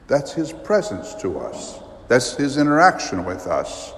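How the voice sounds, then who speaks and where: Slow, emphatic preaching man in echoing church. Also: medium pitch, wildly swooping pitch. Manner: slow, emphatic, vivid storytelling with sudden rises. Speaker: priest. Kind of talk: sermon. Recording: long reverb of a large church.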